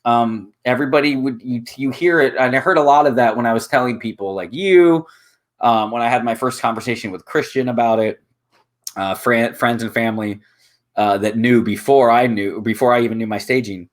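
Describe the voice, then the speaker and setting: Earnest young man, halting and emotional. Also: mid-range voice. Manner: earnest, halting, many restarts and fillers. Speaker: guest. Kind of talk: emotional casual conversation.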